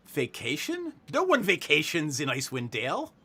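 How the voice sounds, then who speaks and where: A man's voice: fairly high pitch, sing-song, normal speed, a bit bright, husky, pitched above the performer's own voice, full character voice. A man voicing a friendly, eager-to-please female deputy of a small frontier town in a tabletop game.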